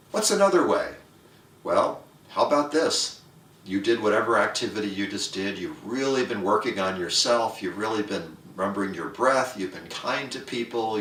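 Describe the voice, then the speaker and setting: A man giving a humorous, playful rant about spiritual practice, acting out inner voices. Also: a bit bright. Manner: playful, acts out inner voices in a higher pitch. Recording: roomy echo, mic at a distance.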